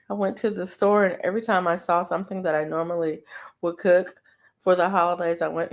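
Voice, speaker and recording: A middle-aged woman with a low, creaky voice chats to live viewers while she crochets. She rambles with plenty of ums and laughs often. Her tone is loose and conversational. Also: level tone, fairly quick. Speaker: live stream host. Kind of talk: casual chat to live viewers.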